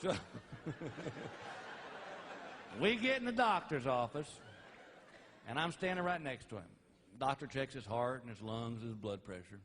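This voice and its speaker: A man's voice: medium pitch, expressive, a little slow, long pauses, fairly bright tone. A man telling a stand-up story, drawling and acting out the characters as he goes. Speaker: stand-up comedian. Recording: noisy live comedy recording.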